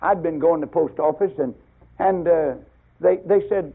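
Husky older preacher on tinny radio. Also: male voice, normal speed. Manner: rising to loud emphatic bursts, then dropping low. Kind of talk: fiery sermon.

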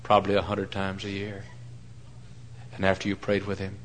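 A middle-aged man preaching a sermon, telling folksy stories and swinging between loud mock-pompous lines and hushed asides. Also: low-pitched, monotone, normal speed, a little hiss or hum, rough recording.

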